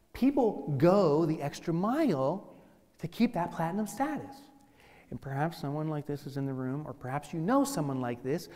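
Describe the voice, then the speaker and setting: An animated man delivering a humorous keynote, spinning playful stories for a business crowd. His voice sits slightly high, and the sound rings out with the long reverb of a large hall. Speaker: business speaker.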